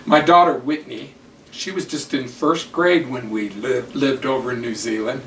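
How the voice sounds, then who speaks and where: An older man and church teacher giving a devotional talk, telling personal stories slowly and deliberately. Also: medium pitch, fairly even intonation, a bit bright, slight background noise. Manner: slow, deliberate storytelling. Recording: roomy, distant mic, faint ambience.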